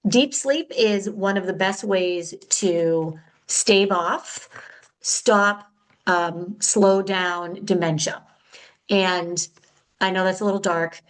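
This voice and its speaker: A woman's voice: mid-range voice, steady tone, takes it slowly, low-quality recording. A middle-aged woman hosting her own podcast, talking in a candid, chatty way that is a little frenetic and full of self-corrections. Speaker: podcast host. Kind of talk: casual solo podcast talk.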